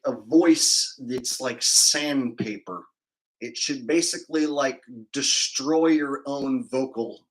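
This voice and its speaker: A man from California hosts a livestream, rambling and cracking crude jokes while reading out donations in casual banter. His voice is mid-range and a bit bright, and the audio is poor.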